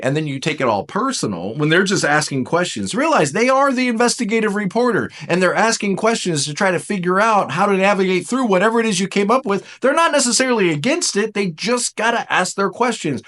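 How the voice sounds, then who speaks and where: A man teaching in a casual lecture style, animated and jokey, acting out little voices as he goes. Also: high voice, fairly quick, few pauses.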